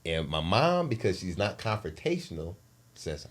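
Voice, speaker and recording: A man in his forties recounts a story on a podcast with animated, emotional delivery. His voice sits in a middle register and swings up and down in pitch and loudness as the story heats up. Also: moderate pace. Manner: animated, emotional retelling with lively shifts in loudness. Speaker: podcast co-host. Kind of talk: storytelling in casual chat.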